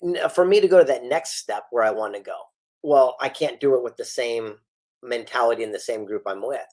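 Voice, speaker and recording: A middle-aged man in an interview, telling his stories with plenty of life. His voice sits at an ordinary pitch, and he throws himself into the people he quotes, jumping higher and louder at the exciting moments. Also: a little fast. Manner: animated storyteller acting out quoted dialogue. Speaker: guest author and speaker. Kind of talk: storytelling interview.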